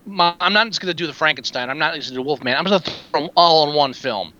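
A man's voice: on the high side, rapid-fire. A man co-hosting a casual film-review chat, rambling and acting out quotes as he talks. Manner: animated, rambling, acts out quotes. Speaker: podcast co-host. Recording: dull lo-fi recording.

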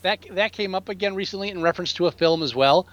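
A man in his thirties co-hosting a casual movie review podcast. He talks in an animated, profane way and acts out characters from films. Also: high-pitched, fast. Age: 30s. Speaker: podcast co-host. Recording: dry, slightly dull sound.

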